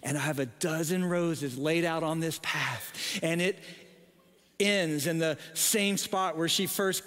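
A man in his forties preaching a sermon, telling a story in a self-deprecating, animated way with halting restarts. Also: high voice. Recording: long reverb in a large hall.

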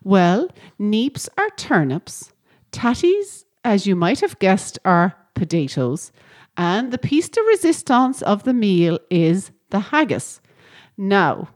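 A woman's voice: mid-range voice, big pitch swings, takes it slowly. A woman hosting a podcast, reading scripted narration in a friendly way and often asking listeners questions. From Ireland. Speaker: podcast host.

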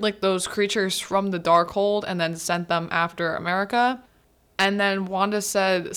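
Chatty woman hosting a podcast recap. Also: fairly bright tone. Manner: chatty, lots of filler "like", quick asides; acts out characters' lines with pitch swings. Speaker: podcast host. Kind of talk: casual solo movie recap.

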